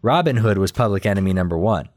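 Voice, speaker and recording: A man in casual chat, retelling a cartoon episode in a rambling, animated way with quick quoted voices and laughter. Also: on the low side. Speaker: podcast co-host recapping a cartoon episode.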